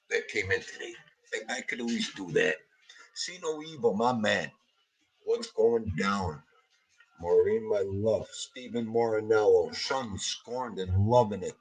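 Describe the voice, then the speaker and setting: A man's voice: on the low side, a bit bright, husky, poor audio. A middle-aged man hosting a livestream, grieving and tearful as he greets viewers by name in a heartfelt way. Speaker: livestream host.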